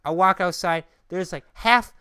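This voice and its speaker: A man's voice: sits high, a little slow, sharp tone, clean tone, dry recording, clean studio sound. A young man from Minnesota, casually rambling through a story on a podcast and mocking himself as he goes. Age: young adult. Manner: rambling storyteller, self-mocking, trails off into filler syllables. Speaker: podcast co-host. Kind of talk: casual chat.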